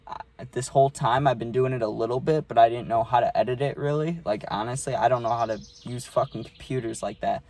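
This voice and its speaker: A man's voice: medium pitch, warm tone. A young man vlogging a casual storytime, rambling and swearing, with many fillers.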